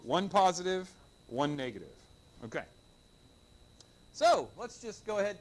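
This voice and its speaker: Lively joking male chemistry teacher. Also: high-pitched, unhurried. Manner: lively, joking, quizzes the class with call-and-response. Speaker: high school chemistry teacher. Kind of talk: classroom lecture. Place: classroom.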